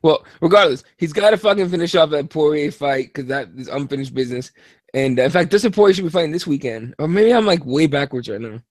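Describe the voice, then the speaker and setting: A tired man co-hosting a casual sports podcast, talking in a profane, animated and rambling way. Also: on the high side, quick pace, dry recording, clean studio sound. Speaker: podcast co-host.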